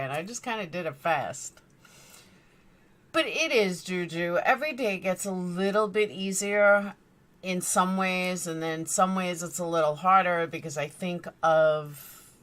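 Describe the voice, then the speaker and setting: Chatty woman live-streaming, bright voice. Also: fairly low pitch. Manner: rambling, chatty, greets viewers by name. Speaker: true crime streamer. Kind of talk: casual live stream chat. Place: bedroom lit by a screen.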